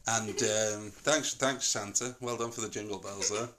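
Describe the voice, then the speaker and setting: Low-voiced Northern English man, middle-aged, joking and rambling, relaxed home podcast. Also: moderate pace, noisy background. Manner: rambling, jokey, digressive. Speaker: podcast host. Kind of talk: casual family chat.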